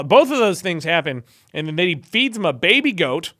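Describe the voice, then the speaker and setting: A man's voice: fairly high pitch, sing-song, moderate pace, sharp tone. A young man casually retelling a story for laughs, irreverent and full of "like" fillers. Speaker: online video host.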